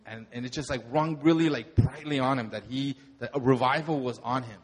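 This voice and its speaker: A young man, a pastor, telling a lively sermon testimony and acting out the moments in his story. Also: medium pitch, brisk, slightly rough. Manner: animated storytelling, acts out shouts.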